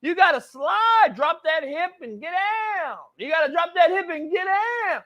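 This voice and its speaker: A man's voice: extremely high pitch, animated, measured pace, voice pushed up, full character voice. A man putting on a fired-up football coach. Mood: shouting. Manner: shouting, preachy, repeats "son". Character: loud fired-up male football coach breaking down film. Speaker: show host. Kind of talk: put-on voice in a podcast film breakdown.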